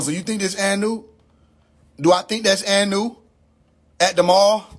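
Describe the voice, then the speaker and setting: A man hosting a livestream, ranting in a mocking, incredulous way and swearing constantly. He keeps repeating his own questions for effect. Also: sits high. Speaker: livestream host. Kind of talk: profane comedic rant on a livestream.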